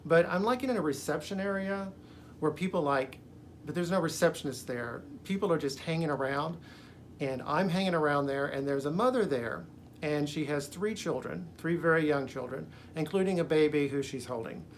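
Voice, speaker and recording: A man's voice: a little high, normal speed, a little hiss or hum. A man casually retelling a dream in a rambling, conversational way, with lots of fillers and blunt swearing. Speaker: video creator recounting a dream.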